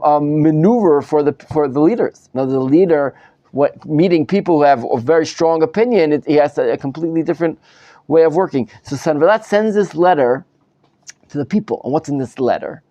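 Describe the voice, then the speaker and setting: A man's voice: fairly high pitch, dark tone, dry recording. A man, a rabbi, giving a live Bible study lecture to students, dramatizing the text with many restarts. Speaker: rabbi teaching a class.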